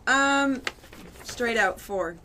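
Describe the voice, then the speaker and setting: A woman speaking as a panel guest, thoughtful and measured. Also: fairly high pitch, animated, bright, forceful tone, a little hiss or hum. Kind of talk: casual panel chat.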